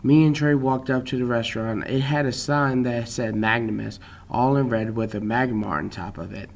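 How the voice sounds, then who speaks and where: A man's voice: medium pitch, steady tone, moderate pace, gravelly. A young man reading his own fan story aloud at an easy pace, with small slips.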